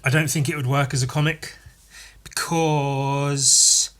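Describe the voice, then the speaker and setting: A man hosting a solo podcast, chatting in a rambling, animated way full of restarts. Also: medium pitch, slow pace. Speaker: podcast host.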